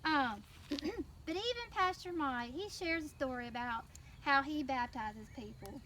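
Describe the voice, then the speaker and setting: A woman with a Southern US accent telling a children's story in church, animated and prompting the kids to answer. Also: sits high, measured pace. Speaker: children's mission teacher. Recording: distant mic with faint noise.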